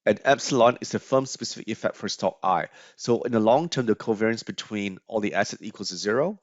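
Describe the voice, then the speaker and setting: A man's voice: lowish voice, a little fast, no room sound. A man lecturing on finance over slides, explaining step by step with frequent fillers and restarts. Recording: dry, slightly dull lo-fi audio.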